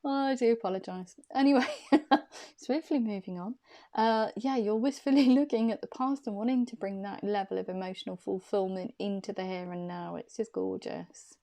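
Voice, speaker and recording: A woman's voice: medium pitch, moderate pace, gravelly, dark tone. A woman doing an intuitive tarot reading to camera, chatty and reassuring, who repeats phrases for emphasis. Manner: soothing, reassuring encouragement. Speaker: tarot card reader.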